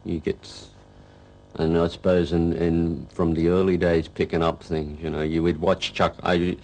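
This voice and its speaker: A male rock guitarist reminiscing in a casual interview, rambling and halting and saying "you know" again and again. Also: deep voice, little pitch movement, a little mellow, rough recording.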